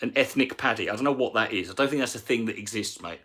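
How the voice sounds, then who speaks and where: A man's voice: lowish voice, fast talker, a bit bright, slightly rough. Rambling, swearing man. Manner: rambling, profane, with many restarts. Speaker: comedian streaming live. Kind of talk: casual rant on a live stream.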